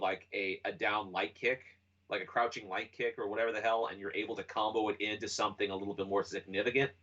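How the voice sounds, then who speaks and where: A podcast co-host with a low voice who talks casually and rambles with plenty of fillers. The recording sounds dull and lo-fi. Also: male voice, fairly bright tone. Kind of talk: casual chat.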